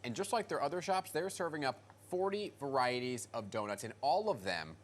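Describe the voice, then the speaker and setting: A man hosting a live morning TV show, chatty and animated as he talks with a guest on the studio set. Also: mid-range voice, a little fast. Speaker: TV news anchor.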